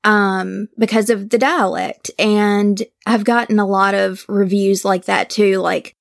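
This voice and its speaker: A woman's voice: mid-range voice, steady tone, measured pace, gravelly, dry recording. A woman with a mid-range voice, talking as a podcast guest. She is earnest and agreeable and gives thoughtful replies, heard close and dry. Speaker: podcast guest, true crime host. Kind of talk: casual interview chat.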